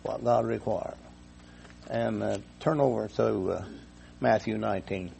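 A man's voice: on the low side, measured pace, creaky, warm tone, slight background noise. A man preaching a folksy sermon to his congregation, repeating himself and telling a homespun story. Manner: folksy, repetitive, chuckles at own jokes.

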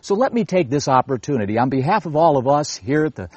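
Man, religious TV host, earnest, wordy, husky, dry close sound. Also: on the high side, big pitch swings, fast talker, dry recording. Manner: earnest, wordy, with repeated restarts. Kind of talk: broadcast religious talk with viewer appeal.

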